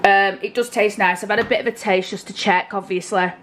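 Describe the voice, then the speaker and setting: A woman's voice: mid-range voice, steady tone, fairly quick, noisy background. A woman chatting to her viewers while she cooks in her home kitchen, casual and talkative. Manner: chatty, addresses viewers directly. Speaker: vlogger. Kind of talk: casual cooking vlog.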